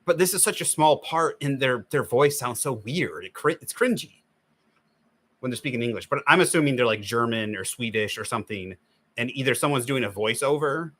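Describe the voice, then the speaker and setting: A man hosts a livestream, chatting casually while he draws and rambling with plenty of restarts. He complains, then offers step-by-step drawing tips. His medium-pitched voice is animated, fairly quick and a bit bright.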